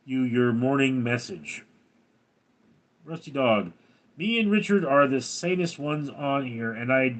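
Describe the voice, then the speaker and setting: An older man hosting a livestream, reading viewer comments aloud in a dry, deadpan way. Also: mid-range voice. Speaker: livestream host reading chat. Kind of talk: casual livestream chat.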